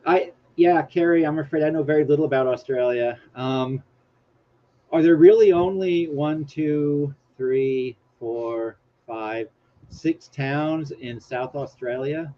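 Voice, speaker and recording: A man's voice: fairly high pitch, takes it slowly. A man hosting a casual live stream, rambling and joking about himself as he reads things off his screen aloud. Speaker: livestream host. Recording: dull lo-fi stream audio with faint hiss.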